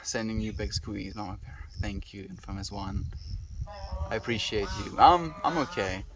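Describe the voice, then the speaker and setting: A man's voice: lowish voice, animated, normal speed, crowd noise. Earnest man chatting with live viewers. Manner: earnest, affectionate, reflective. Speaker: livestreamer. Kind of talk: casual chat with live viewers.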